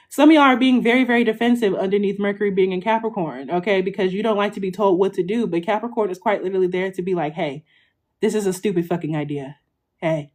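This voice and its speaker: Twenties woman, rapid-fire tarot reader, chatty and profane. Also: mid-range voice, a little mellow. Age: 20s. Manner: chatty, blunt and profane, full of "okay?" check-ins. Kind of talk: casual tarot reading to camera.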